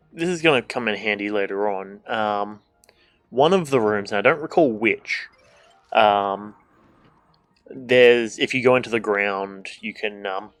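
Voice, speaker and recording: A man streaming a game, chatting casually, joking and swearing, and reading the game's dialogue aloud. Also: fairly low pitch. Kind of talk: casual gameplay commentary.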